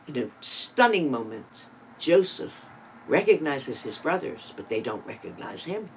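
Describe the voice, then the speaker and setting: A Torah teacher gives a sermon, retelling a scripture story with dramatic rises and drops in loudness and pointed emphasis. The speaker slips in casual asides and rhetorical questions along the way. The voice sits in a middle register over a faint background hum. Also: mid-range voice, big pitch swings, unhurried, low-quality recording.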